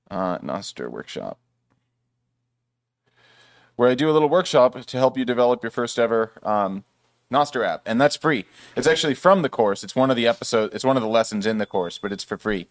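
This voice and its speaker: A man casually presenting at a developer meetup, rambling a bit with fillers. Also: medium pitch.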